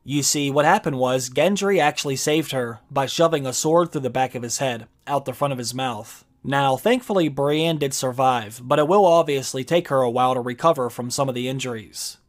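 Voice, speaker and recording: A man narrating a video essay and reading a book passage aloud, measured and explanatory. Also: mid-range voice.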